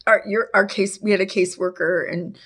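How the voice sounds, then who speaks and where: A middle-aged woman telling a painful personal story in an interview, halting and full of restarts. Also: medium pitch, steady tone, fairly bright tone. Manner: halting, with many restarts and fillers. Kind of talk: emotional personal testimony.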